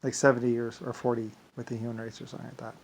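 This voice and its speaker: A man speaks in an ordinary middle-pitched voice, winding through a long solo vlog monologue. He loops back on himself often and keeps padding his sentences with stock filler phrases. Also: flat delivery, very fast, gravelly, a little hiss or hum. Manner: meandering, repeats "like I said" and "blah, blah". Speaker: vlogger.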